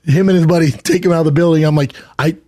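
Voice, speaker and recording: Man telling an animated anecdote. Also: on the high side, fast, dry recording, clean studio sound. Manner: animated anecdote with quoted dialogue. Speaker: podcast co-host. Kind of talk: casual chat.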